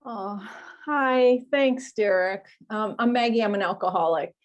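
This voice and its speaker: A woman giving an emotional personal share at a recovery meeting over an online call. She is close to tears and speaks haltingly, with many pauses and fillers. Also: mid-range voice. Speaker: meeting member sharing.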